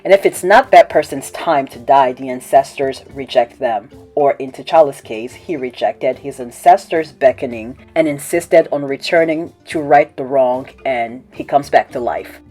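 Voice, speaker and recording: A woman from Cameroon hosting a video essay, explaining things in a measured way with wry asides. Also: rumbling low, a little mellow, faint music behind. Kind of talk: scripted commentary read to camera.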